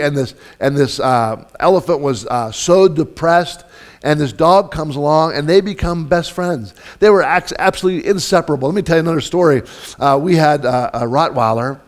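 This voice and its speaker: A man giving a sermon as a pastor in a church, telling stories in a loose, conversational way with many restarts. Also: on the high side. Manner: storytelling, conversational, with frequent fillers and restarts.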